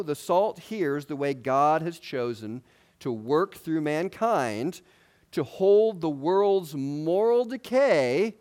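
A man's voice: fairly high pitch, a little mellow. A man preaching a sermon in a conversational way, asking his listeners questions and adding light humor.

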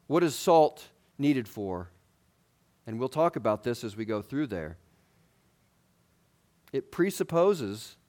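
A male preacher talks through his sermon in a relaxed, conversational way. He often asks the congregation questions and adds light humor. His voice sits at an ordinary middle pitch.

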